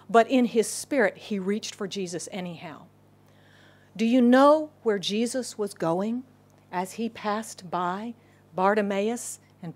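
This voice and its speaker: A middle-aged woman pastor preaching a sermon, telling a story with animated voices and dropping to a whisper for inner thoughts. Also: medium pitch.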